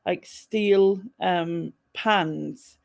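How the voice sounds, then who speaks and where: A woman hosts a stream and recalls the past hesitantly over a video call. Her voice is low and gravelly, and the sound is close and dry. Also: very slow, a little mellow, no echo. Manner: reminiscing, hesitant with fillers. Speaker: host. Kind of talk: casual chat on a live stream.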